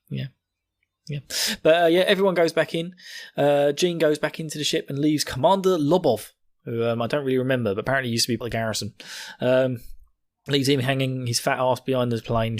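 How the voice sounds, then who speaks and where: A man hosting a podcast, recapping an episode casually, laughing often and swearing. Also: mid-range voice. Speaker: podcast host.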